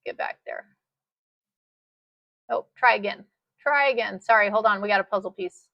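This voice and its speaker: A woman giving a casual sewing machine demonstration, chatty and excitable, repeating her phrases as she works. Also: medium pitch, normal speed, gravelly, no room sound, lo-fi sound. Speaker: sewing instructor.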